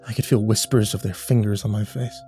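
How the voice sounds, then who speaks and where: Brief: a male horror storyteller with a dark, relaxed tone, steady grim reading over soft music. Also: on the low side, fairly quick. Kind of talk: scripted horror narration.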